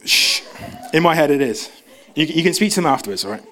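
A young man preaching a casual sermon in church, chatty and self-interrupting, acting out quoted voices in a raised pitch. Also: animated, quick pace, fairly bright tone.

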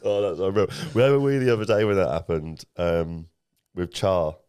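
Young bloke, very deep, animated storyteller, dry close mic. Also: male voice, moderate pace, clear, resonant tone, no room sound. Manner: animated storytelling, swears often. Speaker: podcast co-host. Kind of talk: casual chat.

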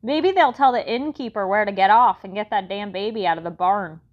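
A woman's voice: medium pitch, brisk, muffled recording, lightly acted. A woman voicing a blunt, bossy young girl with brash, indignant outbursts in an audiobook. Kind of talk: audiobook character voice.

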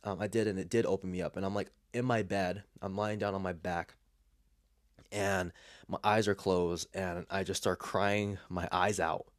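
A man's voice: low voice, level tone, moderate pace, no echo. A young man telling an emotional personal story in a casual, reflective way, full of fillers and restarts, with tears close to the surface. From Los Angeles area, US. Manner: reflective, emotional, many fillers and restarts, often drops to a soft near-whisper. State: emotional, tearing up.

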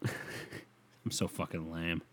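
A man's voice: low-pitched, flat delivery, extremely slow, fairly bright tone, no room sound. A young man hosting a solo podcast, rambling through stories in a laid-back, profane way. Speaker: podcast host. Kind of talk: casual solo chat.

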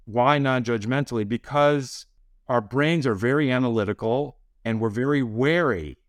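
A man, a physician guest on a podcast, explaining ideas in a calm, measured way. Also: mid-range voice, no room sound, clean studio sound. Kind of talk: conversational interview.

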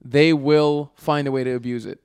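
A young man in casual chat who tells animated stories and mimics the people in them. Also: medium pitch, moderate pace, clean tone, no echo. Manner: animated storyteller, acts out voices.

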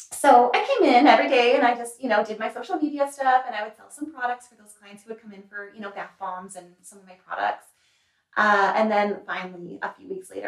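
Chatty woman in an echoey room. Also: mid-range voice. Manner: chatty and earnest, many fillers and likes. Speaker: salon owner and hair remover. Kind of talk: interview answers. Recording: echoey room, mic a little distant.

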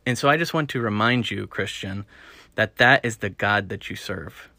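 Male preacher, American, lower pitch, dry close sound, earnest, builds to loud emphasis. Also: normal speed, gravelly, no echo. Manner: earnest, repetitive emphasis, rising to loud stresses. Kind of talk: sermon-style teaching.

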